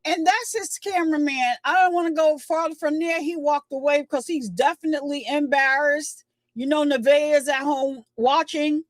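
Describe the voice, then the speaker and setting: A woman's voice: high-pitched, moderate pace, dry recording. A woman hosting her own channel, giving casual, emphatic commentary and retelling what people said. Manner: chatty, emphatic, retells quotes.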